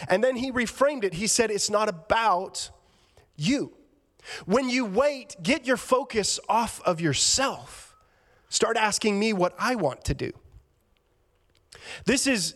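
A man's voice: high voice, fairly bright tone. A man preaching a sermon as a church pastor, earnest and conversational, often restarting his sentences with repeated words.

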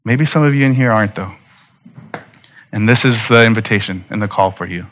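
A man's voice: fairly low pitch, brisk, fairly bright tone. A man, a pastor in his thirties, preaching a sermon in an earnest, conversational way with direct appeals to his listeners.

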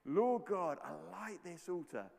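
A bold adult male prophet, acted out by a man telling the story, speaks with theatrical flair. His voice is pitched a little high and swings widely. It echoes through a long, reverberant hall. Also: expressive, unhurried, gravelly, darkish tone, heavily acted. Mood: fervent. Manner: mocking, theatrical.

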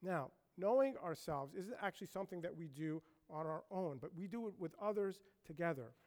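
A man's voice: high voice, expressive, fairly quick, darkish tone. A male pastor giving a conversational, emphatic sermon.

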